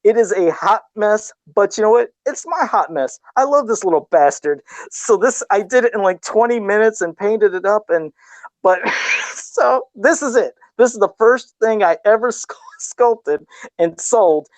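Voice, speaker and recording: A man's voice: sits high, animated, normal speed, no echo. Laid back middle aged guy chatting on a podcast, pokes fun at himself, dry close sound. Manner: laid-back, self-deprecating, laughs often. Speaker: podcast co-host and toy customizer. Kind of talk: casual chat on a live video podcast.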